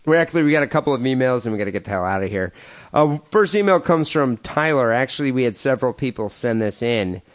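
A man co-hosts a crude comedy podcast, chatting casually, rambling with lots of fillers and laughing at his own jokes. He speaks fast with lively intonation in a mid-range voice.

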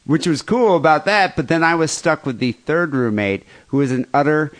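A man's voice: fairly high pitch, normal speed. A man in his thirties co-hosting a podcast, joking crudely and laughing often in casual chat. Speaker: podcast co-host.

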